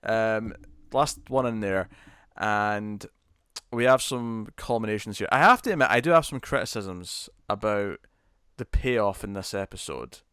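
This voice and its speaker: A man co-hosting a casual review chat, talking in animated bursts full of restarts and repeated words. His voice sounds smooth and resonant. The recording is dry, with no room sound. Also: lowish voice, a little slow, no room sound. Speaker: podcast co-host.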